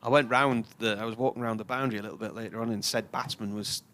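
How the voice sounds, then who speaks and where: A man's voice: medium pitch, fairly even intonation, quick pace, sharp tone. A man, commentating on live cricket and telling a long, chatty anecdote. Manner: chatty storyteller, puts on voices for characters in his tales.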